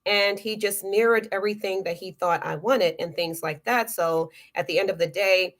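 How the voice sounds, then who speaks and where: A woman's voice: mid-range voice, moderate pace. A middle-aged woman talking straight to her viewers in a casual, earnest way, giving encouragement and repeating words for emphasis. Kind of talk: casual motivational talk to camera.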